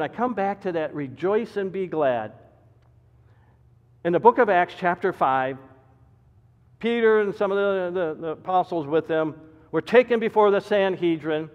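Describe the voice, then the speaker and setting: A male pastor preaches with a high, animated voice that leaps from emphatic shouts to hushed asides. He presses the congregation with question after rhetorical question. The sound is dull and lo-fi, carried on a long church reverb. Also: moderate pace, pauses often. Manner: dynamic preaching, swinging between loud emphatic climbs and low quiet drops. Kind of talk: sermon. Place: church sanctuary.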